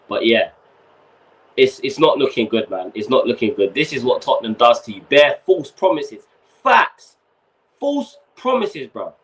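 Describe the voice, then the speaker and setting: A man's voice: mid-range voice, fairly bright tone. A young man, hosting a casual fan livestream and ranting with slang and swearing while he's overheated. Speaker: fan channel host.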